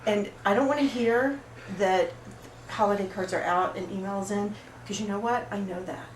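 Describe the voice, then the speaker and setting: An actress playing an oversensitive, apologetic woman at a support group, rambling through an improvised monologue in a rough, emotionally raw way. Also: medium pitch, moderate pace, close to an everyday voice. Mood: wounded. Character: oversensitive, apologetic woman pouring out her woes. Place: roomy studio space. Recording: echoey room, far mic, background noise.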